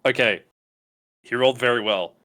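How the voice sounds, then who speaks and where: A man's voice: medium pitch, moderate pace, sharp tone. A man narrating a tabletop game as game master, casual and hesitant. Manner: casual, hesitant, filler-heavy.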